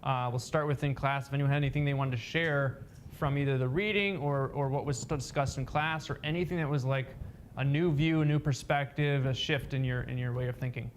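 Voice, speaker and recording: A man's voice: mid-range voice, steady tone, a little fast, a little hiss or hum. A man teaching a class, encouraging and upbeat as he calls on students. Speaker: class instructor. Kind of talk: leading an online class.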